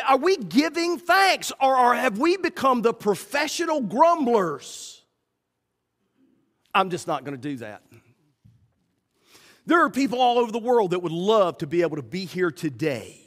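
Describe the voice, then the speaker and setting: A man's voice: high-pitched, a bit bright. A man preaching a sermon as pastor, talking directly to his congregation and acting out the voices of people in his stories. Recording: long reverb of a hall.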